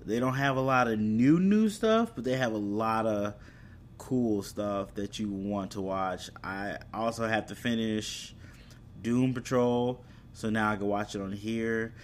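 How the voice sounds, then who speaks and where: Speaking unhurriedly in a fairly low voice, a man rambles about anime and streaming services, fixing his mistakes and chuckling when he trips up. There's slight background noise.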